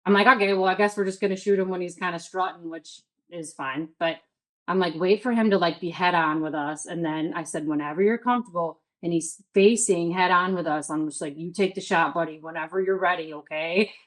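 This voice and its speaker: Her fairly low voice moves at a brisk pace as this Midwestern woman in her thirties recounts a story during a casual interview, quoting her inner self-talk and leaning heavily on "like." The audio is poor.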